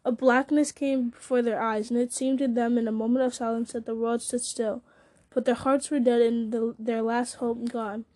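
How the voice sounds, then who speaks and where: A woman's voice: fairly high pitch, flat delivery, normal speed, mellow. A woman reading a fantasy novel aloud, often stumbling and restarting words. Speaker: reader.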